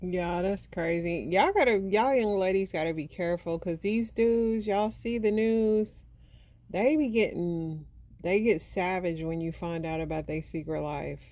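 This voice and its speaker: A woman's voice: lowish voice, a little mellow. A woman giving earnest, cautionary commentary to her listeners. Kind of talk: casual commentary.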